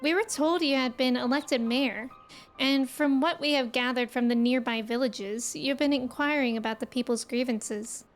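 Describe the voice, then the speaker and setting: A woman's voice: high-pitched, moderate pace, faint music behind, natural voice. A woman reading the lines of a poised, courteous young noble envoy in a fantasy game, in a formal, polite way.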